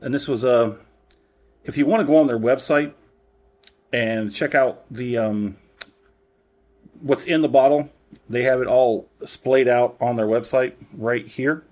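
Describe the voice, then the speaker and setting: A man's voice: medium pitch, a little slow, long pauses, darkish tone. A man reviewing a whisky in a casual, rambling way, often correcting himself and chuckling. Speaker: spirits reviewer.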